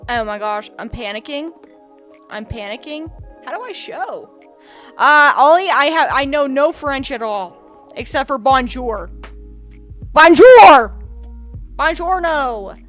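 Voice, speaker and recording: A woman streamer with a high, light voice chats casually with her viewers in an unhurried, drawn-out way. She giggles often and turns flustered and apologetic, with soft music faintly playing behind her. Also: expressive. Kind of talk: casual live-stream chat.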